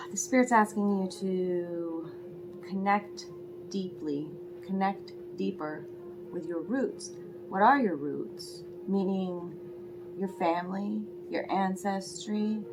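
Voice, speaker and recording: A woman giving a spiritual tarot reading to her viewers, talking softly and emotionally, often half-whispering. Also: mid-range voice. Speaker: tarot reader.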